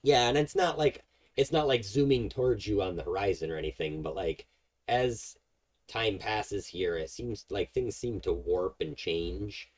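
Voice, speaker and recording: A man's voice: on the low side, animated, measured pace. A man narrating as game master of a tabletop game, explaining at length with many fillers. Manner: rambling, filler-heavy explaining.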